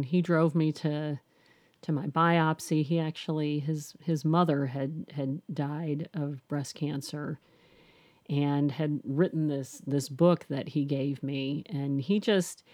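A woman's voice: low voice, fairly even intonation, slow pace, warm tone, no room sound. A middle-aged woman, a guest, telling her personal story candidly and reflectively, often restarting and saying "you know".

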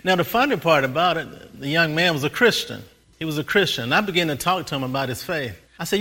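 A male pastor delivers a sermon in a bright, forceful voice that sits a little high for a man. He stacks rhythmic repeated phrases and slows right down to lean on key words. Between points he tells lively stories and chuckles at them. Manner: rhythmic repetition, slows for emphasis, laughs at own stories.

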